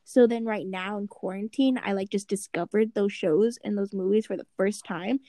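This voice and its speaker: Here a young woman's medium-pitched voice moves at a moderate pace through casual podcast chat. As co-host, she spins lively stories punctuated by frequent laughter, captured in a dry recording.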